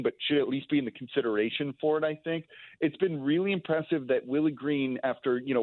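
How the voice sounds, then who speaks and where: A man's voice: medium pitch, no echo. Analyst man on a tinny phone line. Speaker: team analyst guest. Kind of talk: sports talk radio analysis. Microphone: phone call.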